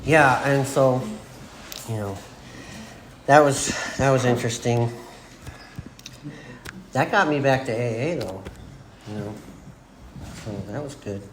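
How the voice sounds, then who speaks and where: Slow and given to long pauses, a mid-range male voice belongs to an AA speaker in his forties recounting his recovery to a group. He rambles, finds himself funny and acts out others' words, heard in an echoey meeting room with noise behind him.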